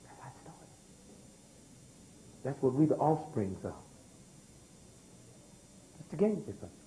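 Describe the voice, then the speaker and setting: A man's voice: mid-range voice, very animated, unhurried, mellow, a little hiss or hum, rough recording. An older man, lecturing a live audience, throwing rhetorical questions and asking for responses. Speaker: speaker.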